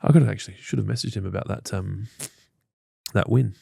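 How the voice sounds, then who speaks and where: A man's voice: on the low side, brisk, vocal fry, mellow, husky. A man with an Australian accent co-hosting a casual live show, joking and swearing freely. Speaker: podcast co-host.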